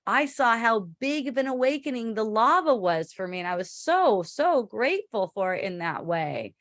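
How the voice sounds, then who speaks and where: A woman's voice: fairly high pitch, big pitch swings, moderate pace, no room sound, clean studio sound. A woman spiritual teacher answering a listener in a rambling, chatty way, swearing casually and laughing often.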